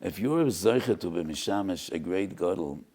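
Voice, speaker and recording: A man's voice: sits low, lively intonation, moderate pace, mellow. An older man, a rabbi, giving a Torah lecture with impassioned emphasis and repeated rhetorical questions.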